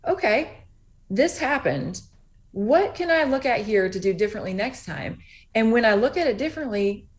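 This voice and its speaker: A woman in her forties talking earnestly as a guest in an interview from home over a video call, telling stories and acting out what people said. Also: medium pitch. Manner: earnest, storytelling, acts out quoted dialogue. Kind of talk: animated conversational interview.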